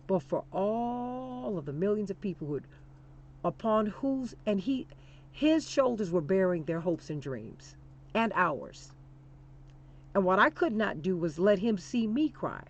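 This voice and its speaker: A woman's voice: mid-range voice, expressive, unhurried, muffled recording. A woman hosting a political talk show, speaking with emphatic, preacher-like repetition and calling listeners "honey". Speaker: radio talk show host.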